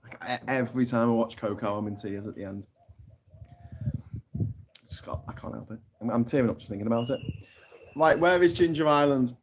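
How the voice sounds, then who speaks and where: A middle-aged British man hosts a relaxed live stream and reads out viewer comments. He talks in a loose, chatty way and slips into mocking jokes. His voice sits at an ordinary middle pitch. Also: brisk, long pauses, noisy background. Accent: British English. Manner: chatty, mocking, jumps into high squeaky voices for caricatures. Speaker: live-stream host reading chat. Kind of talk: casual live-stream chat.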